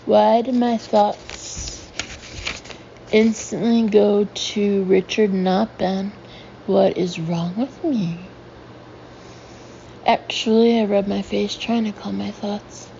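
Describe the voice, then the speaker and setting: A woman reads a first-person novel aloud at an unhurried pace, her low, mellow voice edged with gravel. She leans into the heroine's feelings as she reads. The recording sounds a little dull, with a faint hiss underneath. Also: fairly even intonation. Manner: emotive, voicing the heroine's feelings. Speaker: audiobook narrator. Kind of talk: first-person audiobook narration.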